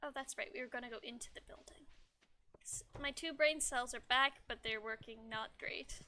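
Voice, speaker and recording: A young woman chats casually while streaming a relaxed farming game, soft and slow with playful little asides. Her voice sits high and bright, close to a desk microphone. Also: a little hiss or hum. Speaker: VTuber streamer. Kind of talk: casual gameplay chat.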